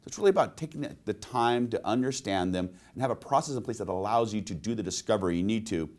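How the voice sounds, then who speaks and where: A man's voice: lowish voice, quick pace, a little mellow. A man presenting a sales training webinar, telling personal anecdotes and asking his listeners rhetorical questions.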